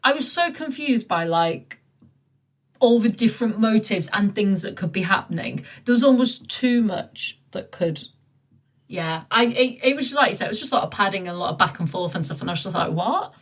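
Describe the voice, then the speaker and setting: A woman co-hosting a casual podcast chat, talking in an animated way with lots of quick asides. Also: mid-range voice. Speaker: podcast co-host.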